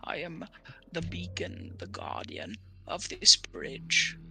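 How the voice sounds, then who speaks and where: A woman voicing a senile ancient male dragon made of bones, guarding a bridge, in a slow, breathy, questioning voice. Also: lowish voice, very animated, sharp tone, faint music behind, pitched below the performer's own voice, heavily acted. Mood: wary.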